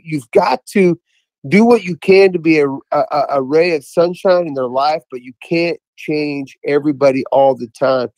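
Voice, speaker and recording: A man's voice: on the high side, a little mellow, no echo, rough recording. A man calling in to a podcast, telling a story in a rambling, enthusiastic way, full of restarts. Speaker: caller to a podcast. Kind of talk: casual chat, storytelling.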